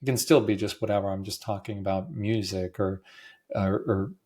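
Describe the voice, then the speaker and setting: A man hosting a podcast, talking in a halting way with many restarts and deep breaths, his voice cracking at times and emotional. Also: mellow. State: emotional, close to tears. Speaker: podcast host. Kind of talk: personal monologue.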